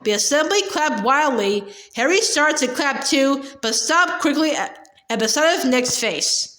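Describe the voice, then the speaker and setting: A woman's voice: high voice, animated, measured pace, a bit bright. A woman reading a storybook aloud, sometimes tripping over and repeating words. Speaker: audiobook reader. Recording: echoey room.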